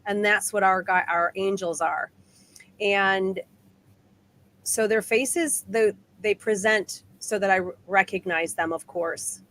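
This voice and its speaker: A woman guest on a live talk show, telling a personal story in an animated way with quick restarts. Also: medium pitch.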